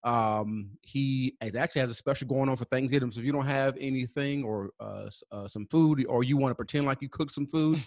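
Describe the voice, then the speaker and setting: Man reading sponsor shout-outs. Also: mid-range voice, no echo. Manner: spells out web addresses slowly, many fillers. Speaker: podcast co-host.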